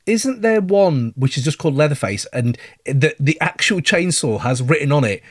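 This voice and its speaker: A man hosting a casual film podcast, talking in an animated way with quick asides and laughter. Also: a little high, no echo, clean studio sound. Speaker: podcast host.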